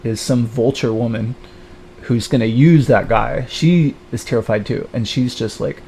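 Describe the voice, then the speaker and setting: In a rambling livestream monologue, a man rants bitterly and unhurriedly in a dark, mellow voice, often stalling on fillers and restarting. He mocks others using high put-on voices, and a faint hiss runs under the recording.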